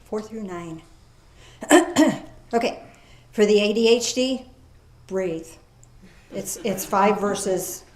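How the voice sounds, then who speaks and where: Echoey, lively woman preaching slowly. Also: mid-range voice. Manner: lively, folksy preaching with asides and laughs; reads scripture aloud slowly, then comments. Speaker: pastor. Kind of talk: sermon. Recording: echoey room.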